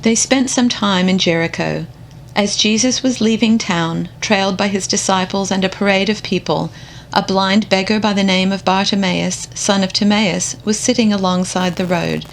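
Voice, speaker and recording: A woman reading scripture aloud in a slow, contemplative, measured way. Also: medium pitch, steady tone, gravelly, a little hiss or hum. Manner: measured, unhurried. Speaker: scripture reader.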